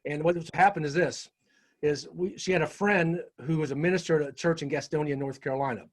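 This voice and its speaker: Animated male storyteller, slightly high voice. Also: a little fast. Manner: animated storyteller, frequent "right?" tag questions. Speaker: interview guest. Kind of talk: storytelling in casual conversation.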